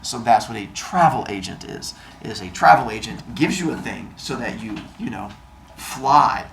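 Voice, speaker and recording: A man's voice: mid-range voice, expressive, moderate pace, gravelly, fairly bright tone. A man reading a novel aloud, stopping to explain things in casual asides. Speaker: reader and host. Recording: roomy room with faint noise.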